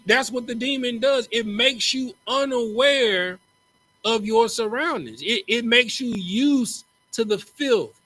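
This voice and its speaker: In poor audio, a man from Texas delivers a laid-back sermon-style lecture to a religious group class. He jokes, speaks in slang, and tends to repeat words at the start of lines, all in an extremely high, pushed, bright voice.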